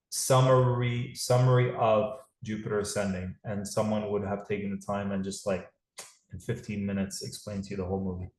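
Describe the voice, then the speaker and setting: A man's voice: fairly low pitch, a little mellow, reverberant, poor audio. A man hosting a live call series, talking in a rambling, casual way with many restarts. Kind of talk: casual livestream talk.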